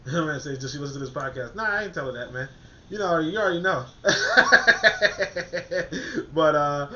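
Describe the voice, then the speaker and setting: High, bright-voiced man on a lo-fi podcast. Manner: emphatic, repetitive, lots of fillers and restarts. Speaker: podcast host. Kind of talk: casual motivational podcast talk. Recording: dull lo-fi recording.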